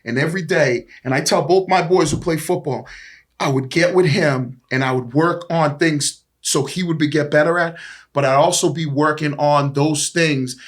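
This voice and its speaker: Fairly high in pitch and moderately paced, this man in his forties speaks with an East Boston accent. As a podcast guest and former pro football player, he tells profane, rambling stories in a relaxed chat, lively and laughing often.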